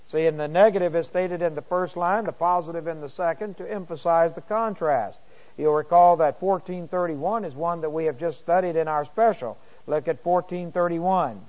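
A middle-aged man leads a Bible lesson in a voice pitched a little high. He reads the verses slowly and with care. He clears his throat often between points. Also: a little mellow, highs cut off. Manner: slow, deliberate reading of verses, frequent throat-clearing. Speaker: Bible teacher.

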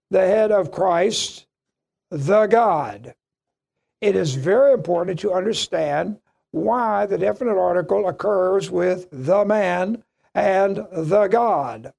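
Gravelly emphatic man teaching scripture. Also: high-pitched, a little mellow. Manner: slow and emphatic, repeating key phrases. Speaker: preacher. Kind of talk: verse-by-verse Bible teaching.

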